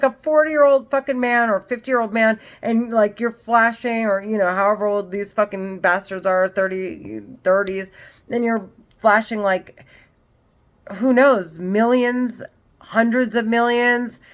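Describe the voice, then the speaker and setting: Heated, profane woman in her forties. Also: a little high. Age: 40s. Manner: heated, profane, repetitive rant. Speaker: vlogger. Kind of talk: unscripted monologue to camera.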